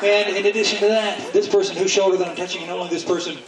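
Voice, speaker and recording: A man as a stage hypnotist giving suggestions and counts, teasing volunteers playfully and slowing into a soothing induction. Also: sits high, fairly even intonation. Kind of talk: hypnosis show patter. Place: outdoors in a yard at night. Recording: distant camera, echoey, noisy crowd.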